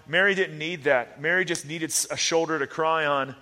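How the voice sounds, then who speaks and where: Male pastor, fairly high and forceful, earnest sermon delivery in a reverberant hall. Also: moderate pace. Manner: earnest, repetitive emphasis, casual fillers.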